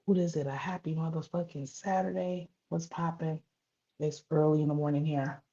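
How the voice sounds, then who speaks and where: Low-voiced grandma chatting on a live stream. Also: female voice, steady tone, normal speed, highs cut off. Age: older. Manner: profane, chatty, greets viewers by name; hushed at times to keep a grandchild asleep. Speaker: livestream host. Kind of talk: casual live-stream chat.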